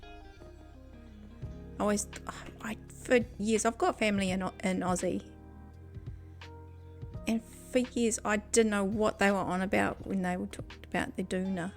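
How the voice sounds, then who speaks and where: A woman's voice: mid-range voice, steady tone, normal speed, long pauses, soft background music. A woman with a New Zealand accent chatting casually with her viewers on a game stream, giggling often, at a desk microphone. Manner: giggly, chatty, talks to chat. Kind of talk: casual gaming stream chat.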